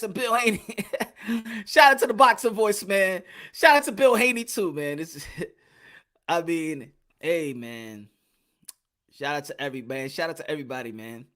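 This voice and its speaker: A lively man hosts a boxing live stream, talking in loose, repetitive bursts and shouting out names from his chat. His voice has a bright, forceful edge. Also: on the high side. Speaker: boxing channel host. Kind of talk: live-stream commentary chatting with viewers.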